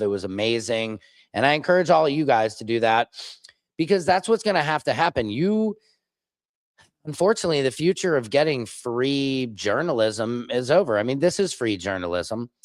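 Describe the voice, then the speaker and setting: A man who is a father, casually ramble-chatting on his own livestream, digressing and mocking others with quick impressions. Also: mid-range voice, animated, no room sound, studio quality. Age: adult, father of children. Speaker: streamer, independent commentator. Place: home studio.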